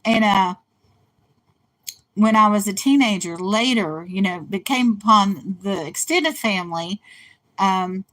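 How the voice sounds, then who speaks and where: Older woman, host, slight West Virginia accent; loose, rambling storyteller. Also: mid-range voice. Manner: rambling storyteller, laughs at own stories. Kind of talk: casual monologue. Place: in a car.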